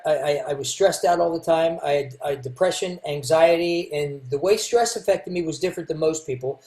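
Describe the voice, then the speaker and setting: A man from Kentucky, a guest telling his life story in a candid, halting way and restarting his words. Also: a little high, darkish tone. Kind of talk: casual interview storytelling. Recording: echoey room.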